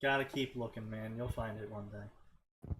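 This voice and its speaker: A man's voice: fairly low pitch, steady tone, a little slow, a crowd in the background, poor audio. A man co-hosting a stream, reading fanfiction aloud and skimming parts with mocking "blah, blah" asides. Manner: skims text with mocking "blah, blah". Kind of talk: casual stream commentary.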